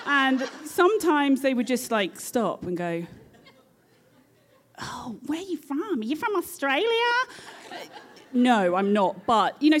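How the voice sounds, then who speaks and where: A British woman, a nurse, tells a story from her working life. Her delivery is lively and animated, and laughter often breaks into her speech. Her voice sits in a middle pitch range. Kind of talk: personal storytelling.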